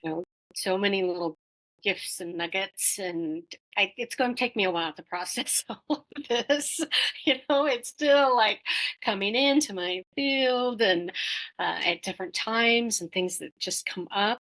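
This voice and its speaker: A woman's voice: mid-range voice, unhurried, fairly bright tone, low-quality recording. A middle-aged woman talking as an interview guest, reflecting casually with many fillers and restarts.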